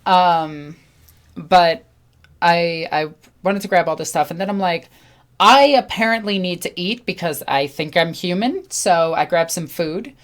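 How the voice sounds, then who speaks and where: A young woman chats casually as she tells a story to her viewers. Her voice sits a little low, and she gets animated as she acts out the lines of the people she met. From New York. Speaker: channel host.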